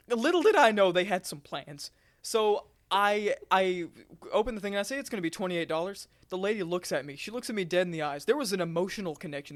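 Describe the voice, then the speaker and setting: A young man telling a work story on a casual podcast, animated and laughing often as he acts out the people in it. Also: sits high. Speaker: podcast co-host.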